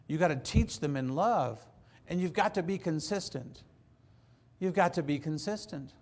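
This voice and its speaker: A middle-aged man preaching a sermon as pastor, earnest and folksy, repeating his phrases and telling stories from his family. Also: mid-range voice.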